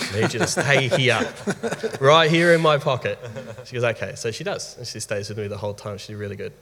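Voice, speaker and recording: Animated Australian man in a reverberant room. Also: lowish voice. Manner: lively, animated storyteller who laughs often. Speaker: guest father. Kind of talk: candid personal storytelling.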